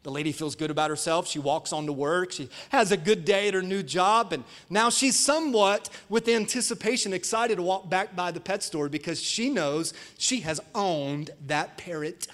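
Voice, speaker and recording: A man's voice: high voice, fairly bright tone. A male pastor preaching an emphatic sermon at a live church service, switching to playful storytelling.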